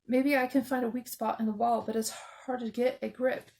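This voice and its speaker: A woman's voice: a little high, little pitch movement, normal speed, darkish tone, slight background noise, close to an everyday voice. A woman reading aloud and voicing a worried teenage boy who speaks tensely and urgently. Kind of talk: audiobook character voice.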